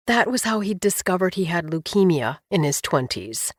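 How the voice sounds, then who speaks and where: A woman's voice: lowish voice, big pitch swings, normal speed, few pauses, breathy edge, no echo, clean studio sound. Woman narrating an audiobook in first person.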